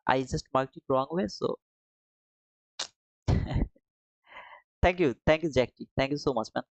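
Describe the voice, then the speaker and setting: A man's voice: medium pitch, a little slow, no room sound, rough recording. A man hosting a live trading stream, reading viewers' comments aloud and answering them in a friendly, casual way, calling them brother and man.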